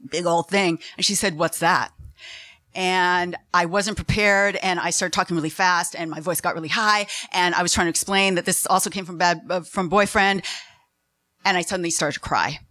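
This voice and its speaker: A middle-aged woman with a fairly low voice tells a personal story to a live audience. She is animated and self-mocking, and her pitch jumps up high when she gets excited. The sound is dry and close to the mic. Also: dry recording. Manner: animated, self-mocking, laughs while telling.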